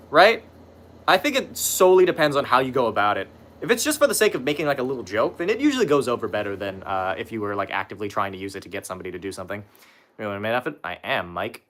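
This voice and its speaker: Young man, livestream chat, bright voice, lively swooping pitch, casual cursing. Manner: lively, swears casually, laughs at his own fumbles. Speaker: streamer. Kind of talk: casual livestream chat reading viewer messages.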